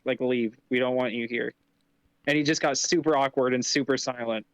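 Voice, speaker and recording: A man's voice: medium pitch, steady tone, brisk, fairly bright tone, clear, resonant tone, no echo, rough recording. A young man co-hosting a podcast, chatting casually and bluntly and chiming in with comments. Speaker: podcast co-host. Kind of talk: casual chat.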